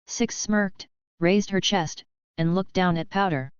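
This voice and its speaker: Clear, low-pitched woman reading a story. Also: measured pace, no room sound, dull audio. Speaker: audiobook narrator. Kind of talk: scripted narration.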